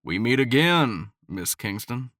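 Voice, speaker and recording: A man's voice: medium pitch, sing-song, measured pace, a bit bright, no room sound, clean studio sound. A man doing a drawling Southern cowboy. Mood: teasing. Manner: drawling, teasing. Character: cocky young cowboy, wealthy and bold.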